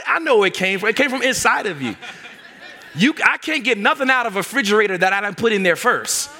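A male preacher delivering a sermon with a bright, forceful voice set a little above the usual male pitch. He talks emphatically, in a conversational way, and tells stories as he preaches.

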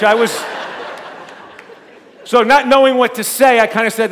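Pastor, male, high-pitched, loud and animated, preaching through a story. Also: brisk, pauses often, a little hiss or hum. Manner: loud speaking voice. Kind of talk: sermon.

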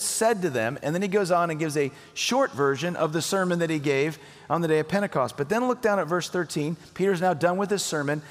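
An earnest male pastor delivers a sermon in a plain, conversational way, leaning hard on his key points. His voice sits a little high for a man. The recording carries the long, ringing reverb of a large hall. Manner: conversational preaching, earnest and emphatic.

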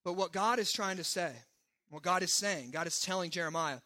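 A pastor delivering a sermon in a high, strikingly bright voice. He preaches conversationally and with emphasis, tossing quick asides to his listeners.

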